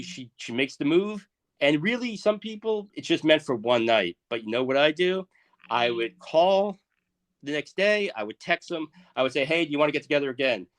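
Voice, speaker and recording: A man in his thirties riffs through a crude, profane comedic rant as a podcast co-host. His voice sits a little high. He keeps lurching between loud outbursts and low, muttered asides. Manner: profane, ranting, swings loud and soft.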